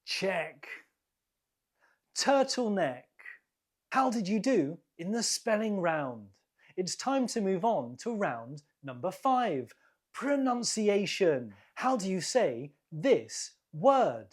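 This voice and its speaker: A British woman hosting an English quiz, slowly and deliberately repeating each word for learners. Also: mid-range voice, sing-song, darkish tone, breathy edge. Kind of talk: slow, clear quiz teaching.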